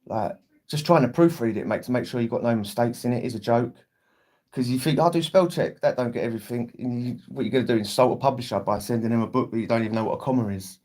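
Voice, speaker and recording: A young man from England hosts a livestream, chatting casually in British English, rambling, swearing freely, and acting out lines from his family members. His voice is mid-range with a darkish tone, and he speaks quickly.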